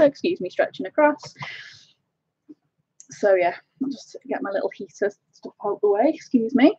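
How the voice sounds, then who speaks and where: A woman's voice: sits high, moderate pace, long pauses, dark tone, husky, dry recording, muffled recording. A woman hosting a casual colouring live stream from home on a webcam, chatting, laughing often and greeting viewers by name. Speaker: colouring channel host. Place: home, indoors.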